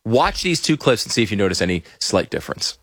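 A chuckling man hosts a casual political chat, rambling and restarting as he goes. His mid-pitched voice is very animated, and the sound is dry and close. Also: fast talker, dry recording. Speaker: podcast host.

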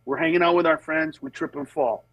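A man, a comedian, talking in a casual podcast conversation, telling animated stories, slipping into quick character voices, and turning earnest and emphatic on serious points. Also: a little high, dry recording, poor audio. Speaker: stand-up comedian guest.

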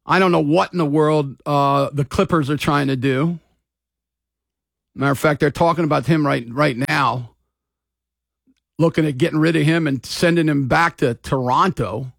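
A man's voice: a little high, normal speed, creaky, fairly bright tone, no echo. A man hosting sports talk radio in a loose, rambling, casual way from a studio mic.

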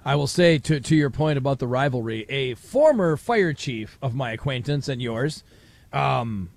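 A man's voice: medium pitch, moderate pace, vocal fry, dry recording. A middle-aged man hosting a live radio talk show at a fair, telling stories and acting out other people's voices. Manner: animated storyteller, acts out voices. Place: outdoor fair broadcast booth.

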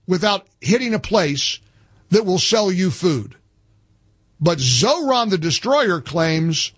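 A man's voice: high-pitched, sing-song, slow pace, a bit bright, soft background music. A man hosting a talk radio show, delivering emphatic, scornful commentary in a punchy way.

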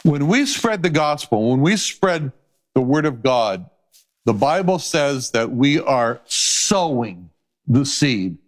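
A man preaching a sermon, emphatic and repetitive, rising to high passionate pleas and reading scripture aloud. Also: big pitch swings, takes it slowly. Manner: quotes old-style scripture wording aloud.

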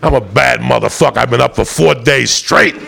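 A man doing stand-up, telling a loud, profane, rambunctious story to a live audience. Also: mid-range voice, fairly quick, gravelly, crowd noise. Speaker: stand-up comedian. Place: stage before a live audience.

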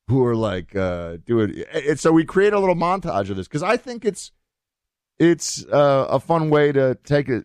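A man hosting a show and giving his opinions in animated, casual talk, full of fillers and restarts. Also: mid-range voice, no echo, clean studio sound. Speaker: host. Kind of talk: opinionated commentary.

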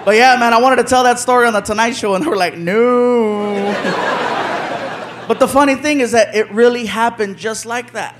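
A man telling a stand-up story on stage, animated and shouting out characters' lines, with an audience laughing behind him. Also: very high-pitched, fast, few pauses. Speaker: stand-up comedian. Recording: live stage with crowd noise.

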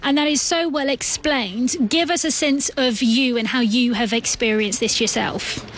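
A woman presenting a radio discussion, prompting her guests briskly. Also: on the high side, a bit bright, slight background noise.

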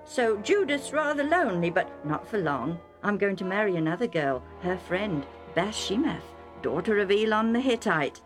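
A woman's voice: mid-range voice, sing-song, moderate pace, hardly any pauses, over music, close to an everyday voice. A woman reading a story aloud voices a headstrong young man who speaks eagerly and defensively, stammering at times.

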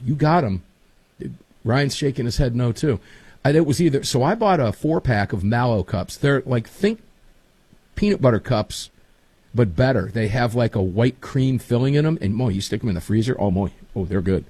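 Man host, folksy chat, husky voice with lively pitch. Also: moderate pace, dry recording. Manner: folksy, animated storytelling. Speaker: show host. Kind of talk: casual talk show banter.

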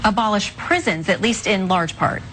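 A woman interviewer asking brisk, pointed true-or-false questions. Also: mid-range voice, noisy background.

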